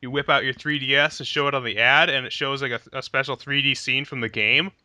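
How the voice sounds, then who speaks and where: A man's voice: mid-range voice, steady tone, quick pace, sharp tone, clear, resonant tone, dry recording. A young man hosting a casual gaming podcast, laughing often and talking with enthusiasm. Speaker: podcast host.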